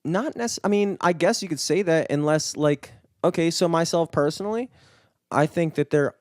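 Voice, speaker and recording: A podcast co-host in the studio speaks with a fairly high-pitched voice at normal speed, in a clean studio sound with no room tone. His casual chat rambles, full of swearing and filler words.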